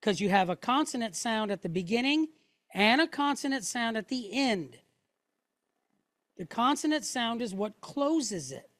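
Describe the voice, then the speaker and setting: A woman's voice: a little high, very animated, unhurried, no echo. A woman teaching a class, explaining step by step with patience and often checking in with "right?" and "okay?". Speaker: Hebrew teacher.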